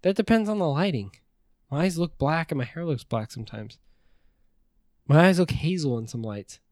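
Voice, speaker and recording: A man's voice: on the high side, expressive, moderate pace, darkish tone, no echo, clean studio sound. Rambling, profane man on a podcast. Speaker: podcast co-host. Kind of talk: casual chat.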